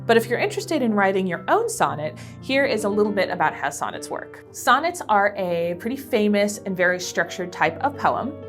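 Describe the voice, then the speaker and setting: A woman's voice: mid-range voice, sing-song, moderate pace, few pauses. A woman presenting a library teen craft tutorial, explaining each step in a friendly, casual way. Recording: soft background piano music.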